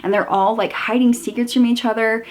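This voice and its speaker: A woman chats through her book reviews in a relaxed, everyday voice, piling up fillers as she goes. Her talk has a steady exasperated edge, like a reader venting to friends. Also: fairly high pitch, a little fast. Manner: chatty, filler-heavy, exasperated ranting. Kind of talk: casual book review chat.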